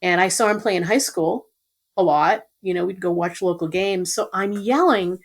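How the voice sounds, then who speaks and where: A middle-aged woman, a podcast guest telling rambling, animated stories in casual conversation. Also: fairly low pitch, normal speed. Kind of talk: casual storytelling.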